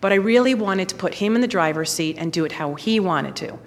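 A woman in her forties giving a lively personal testimony, acting out the voices of people in her story. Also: mid-range voice, fairly quick. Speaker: speaker telling her faith story. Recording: long reverb, hall.

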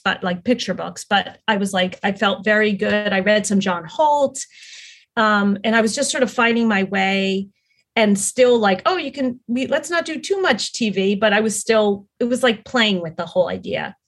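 A middle-aged woman talking as a podcast guest, telling her story in an earnest, rambling way with many fillers and restarts. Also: medium pitch. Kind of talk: casual conversational storytelling.

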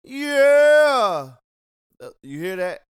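A man's voice: a little high, moderate pace, very noisy. A man hosting a casual podcast from a home studio, loose and joking, laughing often. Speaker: podcast host.

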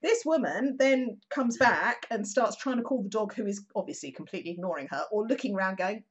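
A woman, a regular on the show, telling a local anecdote in a chatty, animated way, acting out quotes with plenty of fillers. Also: on the high side, normal speed. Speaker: regular contributor. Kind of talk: casual storytelling chat.

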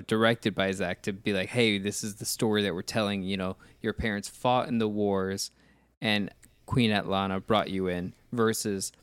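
Low smooth-voiced man chatting about movies. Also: no echo. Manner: rambling, questioning, many restarts. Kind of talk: casual movie discussion.

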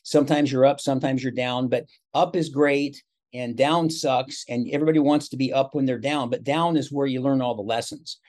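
A man's voice: mid-range voice, moderate pace. A man in his sixties, a motivational speaker, telling his life story as an interview guest in a chatty, anecdotal way. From Seattle, USA. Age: 60s. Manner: chatty, animated storyteller with quoted dialogue.

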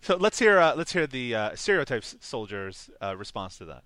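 A man's voice: medium pitch, sing-song, moderate pace, a bit bright, no echo. A man co-hosting a casual movie podcast, recapping scenes and laughing often. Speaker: podcast co-host. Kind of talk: casual movie-review chat.

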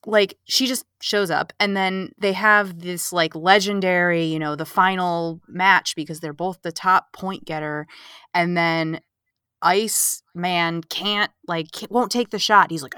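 A woman co-hosts a relaxed movie podcast, retelling the plot with animated sarcasm and little put-on character lines. Her voice is bright and forward. The sound is dry and close, with no room around it. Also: on the low side, a little slow, clean tone, no room sound. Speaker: podcast co-host. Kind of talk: casual movie recap chat.

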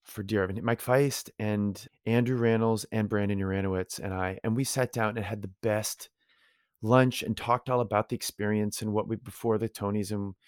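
A man's voice: on the low side, fairly even intonation, moderate pace, smooth, dry recording, studio quality. A male actor as a guest in a casual interview, telling long, effusive, rambling stories.

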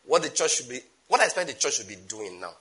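A man with a Nigerian accent preaching a sermon emphatically, with sudden loud bursts and asides in Nigerian Pidgin. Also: mid-range voice, very animated, fast.

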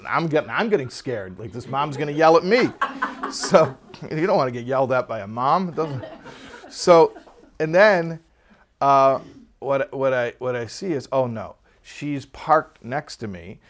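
A man in the middle of a class lecture, a voice neither high nor low. He tells a personal story with animated, conversational energy and turns to quiz his students. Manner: lively anecdotal delivery with questions to the class. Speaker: Torah teacher.

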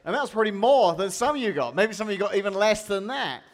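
A man with an English accent delivers a lively sermon, joking with the crowd as he speaks. His voice sits a little high for a man. It rings with a long reverb, as if he is in a big hall. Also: quick pace. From England. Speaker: pastor.

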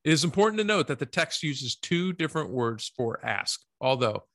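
Male co-host, mid pitch, animated scripture reader with playful asides, dead-dry recording. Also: moderate pace, no echo. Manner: reads scripture with lively emphasis, jokey asides. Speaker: podcast co-host. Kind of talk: casual Bible discussion and scripture reading.

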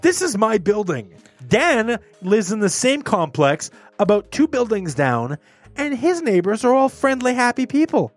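A man hosting a podcast, telling stories in casual chat with an animated, swearing manner. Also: high-pitched, unhurried, faint music behind. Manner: animated, swearing, laughing, acting out quotes. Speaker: podcast host.

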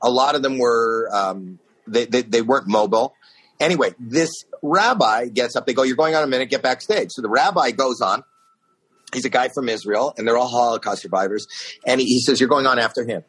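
A middle-aged man telling a long comic story on a talk show, acting out the voices with high squeaks. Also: brisk, a bit bright, breathy edge, poor audio. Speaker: stand-up comedian guest telling a story.

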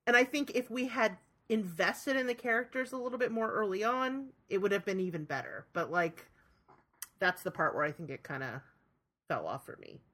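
A woman's voice: mid-range voice, lively intonation, moderate pace, a bit bright. A young woman co-hosting a podcast, chatting casually and laughing often, with plenty of "like" in her talk. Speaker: podcast co-host. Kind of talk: casual chat.

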